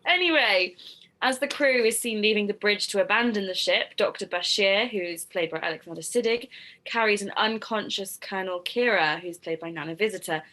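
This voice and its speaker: Woman, British accent, co-host, casual chat, bright tone, giggly. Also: mid-range voice, fairly quick, poor audio. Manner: chatty, giggly, reads trivia notes.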